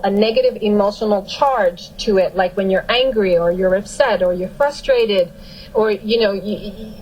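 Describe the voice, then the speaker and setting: Woman guest, higher voice, emphatic storyteller, slight noise under the voice. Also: a little mellow, low-quality recording. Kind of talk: casual storytelling.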